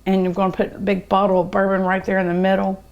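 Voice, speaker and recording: A middle-aged woman hosts a cooking show, tasting dishes and gushing over each bite with drawn-out hums of delight. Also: mid-range voice, completely flat delivery, darkish tone, highs cut off.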